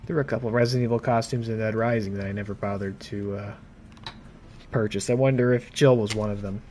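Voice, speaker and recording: A man's voice: fast, slight background noise. A man doing casual let's-play commentary as a gaming streamer, joking around and reading in-game notes aloud. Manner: jokey, reads in-game notes aloud with lively pitch swings.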